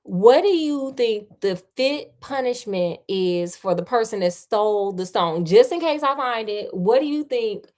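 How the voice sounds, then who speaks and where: A woman's voice: fairly high pitch, lively intonation, unhurried, few pauses, a little mellow. A woman voicing a sly, cocky male detective who talks in laid-back slang.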